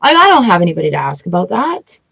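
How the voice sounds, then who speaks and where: A woman in her forties chatting casually on a tarot livestream, emotional and quick to laugh. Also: on the low side, sing-song, creaky, a bit bright, breathy edge, rough recording. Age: 40s. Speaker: tarot reader.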